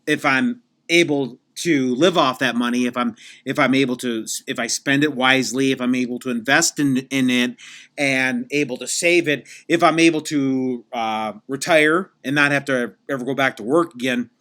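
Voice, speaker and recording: A man's voice: medium pitch, moderate pace, fairly bright tone, close to an everyday voice. A man playing a pompous podcast guest who rambles and keeps restarting his sentences in a comedic interview. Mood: rambling. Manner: rambling, repeats himself, many restarts. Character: rambling self-important male podcast guest, adult.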